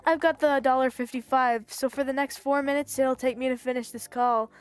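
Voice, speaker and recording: A woman's voice: sits high, fairly even intonation, a little fast, clear, resonant tone, no room sound, soft background music, lightly acted. A woman voicing a sleazy male caller who is a pushy mugger and throws around pet names. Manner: smarmy, calls people pet names.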